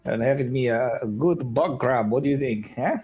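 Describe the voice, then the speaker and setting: A man's voice: mid-range voice, normal speed, darkish tone, soft background music, lightly acted. A man voicing a cheerful, teasing miner who keeps tacking "eh" onto his lines. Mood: chummy. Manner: breezy, teasing, chummy. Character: cheerful male miner who jokes and says "eh".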